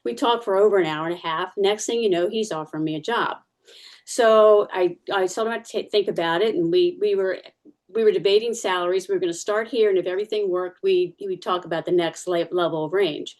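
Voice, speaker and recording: A woman's voice: fairly low pitch, fairly quick, darkish tone. A woman giving a personal testimony in church, telling her story casually, with many fillers and restarts.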